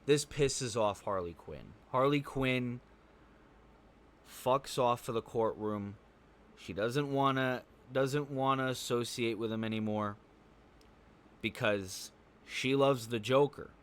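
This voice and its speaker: A man's voice: medium pitch, slow. A man giving a casual spoken movie review, blunt and profane, rambling with fillers like "um" and "like".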